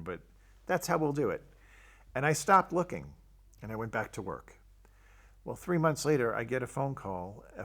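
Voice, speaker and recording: A man's voice: lowish voice, a bit bright. An older man, a Catholic priest, telling his personal testimony and acting out the dialogue he quotes. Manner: storytelling, acts out quoted dialogue.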